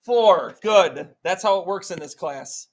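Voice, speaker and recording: A man's voice: high voice, expressive, a little slow, low-quality recording. A man teaching a math class, joking around and quizzing students with countdowns. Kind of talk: classroom lesson.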